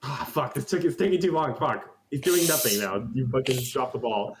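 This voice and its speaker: A man's voice: medium pitch, lively intonation, a little fast, background noise. A man running a tabletop game as game master, loose and laughing, swearing often.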